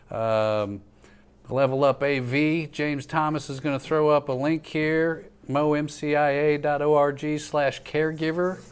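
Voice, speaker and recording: A man's voice: medium pitch, smooth. Male talk host, upbeat and chatty, clean resonant voice. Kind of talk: live-streamed talk show chat.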